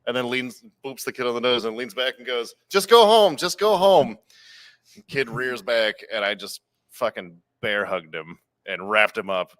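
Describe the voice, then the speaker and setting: Podcast guy telling a bar story, lowish voice, acts out the lines, dead dry room. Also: normal speed, no room sound. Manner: animated, acts out quotes with big jumps in pitch. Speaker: podcast co-host, bar worker. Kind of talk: casual storytelling.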